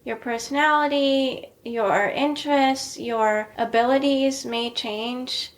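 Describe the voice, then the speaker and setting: Woman podcast host in her forties, fairly high-pitched, chatty and encouraging. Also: takes it slowly. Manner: chatty, encouraging, laughs easily. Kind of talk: casual chat.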